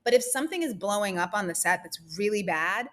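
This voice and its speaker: A woman's voice: medium pitch, animated, fast, fairly bright tone. A woman producer as an interview guest, telling stories from film sets in an earnest, chatty way with frequent laughs. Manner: earnest, storytelling, laughs often. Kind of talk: casual interview talk.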